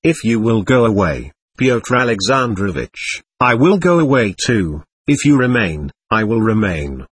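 A man voicing a scheming, shameless old buffoon who taunts everyone, in a lively, husky storybook reading. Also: fairly low pitch, unhurried, hardly any pauses, no room sound, exaggerated voice. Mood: mocking. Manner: impudent, taunting.

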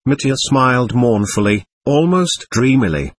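A man reads a classic novel aloud in a measured way, his voice husky and lively in pitch. The recording is close and dry, with no room sound. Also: no room sound. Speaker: narrator. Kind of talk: scripted audiobook narration.

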